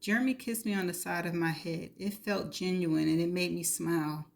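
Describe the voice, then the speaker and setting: A woman's voice: lowish voice, steady tone, moderate pace, creaky. Woman reading a novel aloud. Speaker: reader.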